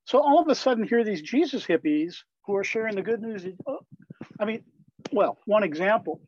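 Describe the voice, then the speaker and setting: Older man, fairly high voice, candid lively storytelling, slightly dull lo-fi sound. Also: fairly quick, breathy edge. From Wisconsin, USA. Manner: lively, candid anecdotal telling. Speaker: guest, Christian musician and pastor. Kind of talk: storytelling in a conversational interview.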